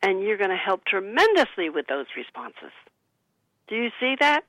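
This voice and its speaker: A woman author and psychic, a guest on a radio talk show, calmly giving advice and suggesting what to say. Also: mid-range voice, moderate pace, no echo, poor audio. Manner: calm, counseling, gives sample phrases to say.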